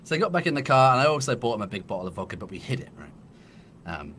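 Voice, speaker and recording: A man's voice: mid-range voice, sing-song, fast, background noise. A man in his thirties with an English accent, a podcast guest telling a long, laughing story in casual chat. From England.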